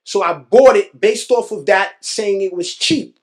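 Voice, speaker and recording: A man from New York, a real estate investor, telling his story in an animated interview, repeating phrases and acting out other people's words. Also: sits high, a little slow. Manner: animated, repeats phrases, acts out quoted voices.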